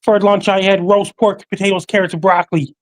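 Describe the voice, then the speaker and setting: A man appearing as a podcast guest, talking in a flat recital that lists facts, dates and handles one by one. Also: high voice, a little fast. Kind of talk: casual call-in chat.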